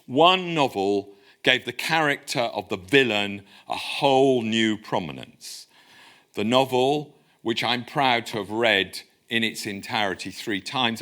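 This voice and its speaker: Lively man giving a lecture. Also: mid-range voice. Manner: lively, conversational lecturing with wry asides. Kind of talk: public lecture. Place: lecture room.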